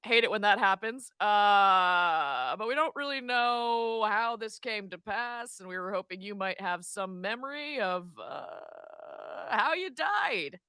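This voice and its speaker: A woman's voice: mid-range voice, animated, slow, few pauses, sharp tone, smooth, no room sound, clean studio sound. A woman playing a tabletop game, hesitant and exasperated, firing off questions. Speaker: player. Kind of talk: tabletop role-play chat.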